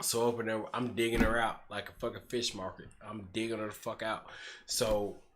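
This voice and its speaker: A man telling a profane story in casual chat, animated and acting out the voices of people in it. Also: on the low side, normal speed, slight background noise.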